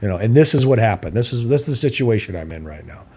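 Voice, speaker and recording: A man's voice: on the low side, sing-song, quick pace, mellow. A man co-hosting a podcast, telling a long personal story in a rambling, casual way with frequent laughs. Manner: rambling, laughs often, acts out quotes in a raised voice. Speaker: podcast co-host.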